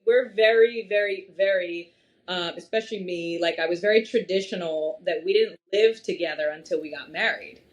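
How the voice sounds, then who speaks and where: A woman in her thirties, a podcast guest in casual conversation, telling stories in an animated way and laughing often. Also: on the low side, normal speed. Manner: animated storytelling with frequent laughs.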